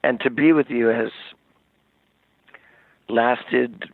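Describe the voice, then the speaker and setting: A man, a rock singer as interview guest, telling stories in a rambling, animated way with many restarts, over the phone. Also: mid-range voice, drawn-out words, vocal fry, dry recording. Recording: tinny dry phone line.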